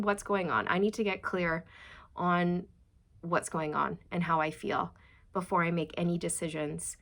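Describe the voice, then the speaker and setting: A woman gives a casual tarot reading, talking straight to her audience. She is chatty and warm in tone, often stacking rhetorical questions as she works through the cards. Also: fairly low pitch, normal speed, gravelly. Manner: chatty, addresses viewers directly, frequent rhetorical questions. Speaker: tarot reader.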